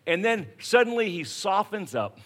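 A man's voice: sits high, moderate pace. A man preaching a sermon, telling everyday stories and acting out scenes to make his point. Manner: storytelling, animated, acts out scenes. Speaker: pastor.

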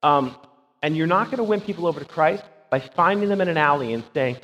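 A man's voice: fairly high pitch, lively intonation, fast, fairly bright tone. Male pastor, emphatic conversational sermon; dull recording with long reverb. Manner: emphatic, asks rhetorical "right?".

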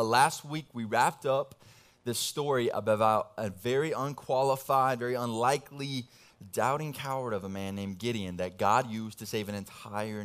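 A young man, a pastor, giving a casual, animated sermon full of slang and family stories. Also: fairly low pitch.

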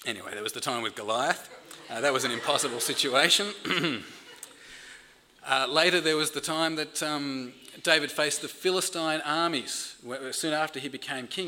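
A man's voice: mid-range voice, sharp tone. A man preaching a sermon in an earnest way, often repeating words as he builds emphasis. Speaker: pastor.

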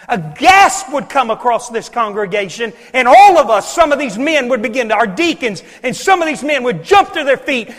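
Preaching man in a reverberant church. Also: very high voice. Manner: swings from loud preaching to hushed near-whispers. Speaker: pastor. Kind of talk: sermon. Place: church sanctuary.

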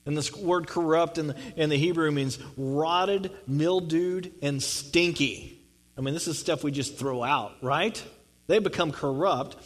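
A man's voice: fairly high pitch, poor audio. A man preaching a sermon, reading scripture and explaining it in a conversational way, often repeating words for emphasis. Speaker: pastor.

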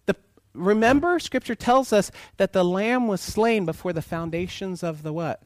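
Man, pastor, sermon, animated, lively swooping pitch, dry close sound. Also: normal speed, dry recording. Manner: animated, asks the congregation questions, acts out voices in quotes.

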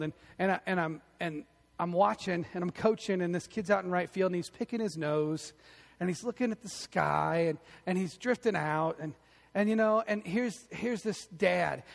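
High-voiced, animated male preacher. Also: creaky, big-room sound. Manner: animated storytelling, emphatic, acts out quotes. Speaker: pastor. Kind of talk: sermon.

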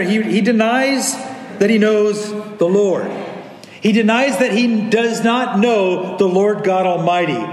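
High-voiced man preaching in an echoey hall. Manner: earnest, acts out quoted lines. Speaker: pastor. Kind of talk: sermon. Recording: echoey hall, faint ambience.

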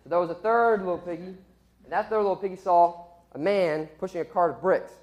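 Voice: medium pitch, fairly quick, lo-fi sound. A speaker casually telling a story to a group as a sermon illustration, chatty and self-deprecating, often laughing.

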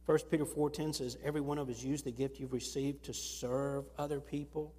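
A man preaching a sermon to his church, earnest and telling stories with lively rises. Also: mid-range voice, fairly quick. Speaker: pastor. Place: church sanctuary. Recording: long reverb of a church hall.

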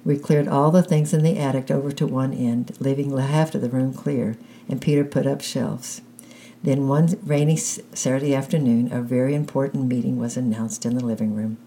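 A woman with a very deep, dark voice reads a children's novel aloud in the first person. Her narration is calm and unhurried, with a faint hiss underneath. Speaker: audiobook reader.

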